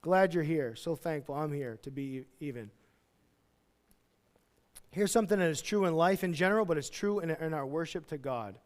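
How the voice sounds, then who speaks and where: A man preaching a sermon as pastor, chatty and jokey, with sudden loud, excited outbursts. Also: on the high side, moderate pace.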